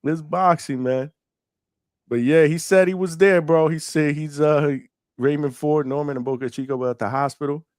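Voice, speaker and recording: Guy hosting a live call-in show, laughs a lot, joking slang, kinda high voice. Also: fairly even intonation, moderate pace, a little mellow, dry recording, studio quality. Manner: laughing often, slangy and playful. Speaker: host.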